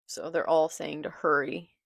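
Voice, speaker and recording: Slow, gravelly-voiced woman reading manga aloud. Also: low voice, little pitch movement, dry recording, clean studio sound. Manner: reads manga dialogue aloud, then comments. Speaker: manga reaction vlogger. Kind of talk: casual live reading reaction. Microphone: phone filmed in portrait.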